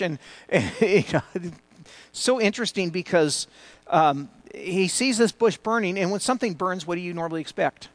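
Pastor, male, fairly high voice, earnest off-the-cuff sermon delivery to a home congregation. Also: normal speed, dry recording. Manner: earnest, conversational preaching with frequent restarts; rises louder and higher when building a point. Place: church before a congregation.

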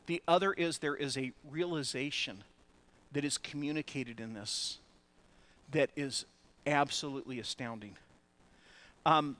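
A male pastor preaching a sermon in an animated way, often laughing between phrases. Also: medium pitch.

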